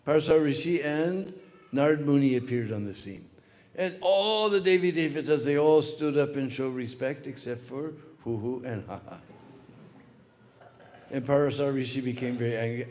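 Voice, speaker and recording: A man's voice: medium pitch, moderate pace. Storytelling man in an echoing hall. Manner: animated storyteller with many fillers. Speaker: spiritual speaker. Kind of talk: storytelling lecture. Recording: long hall reverb.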